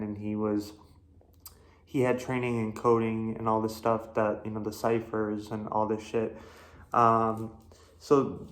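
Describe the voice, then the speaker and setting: A man's voice: mid-range voice, a bit bright. A man hosting his own horror film review, talking casually with lots of fillers, restarts and swearing. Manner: rambling, profane, many fillers and restarts. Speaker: host.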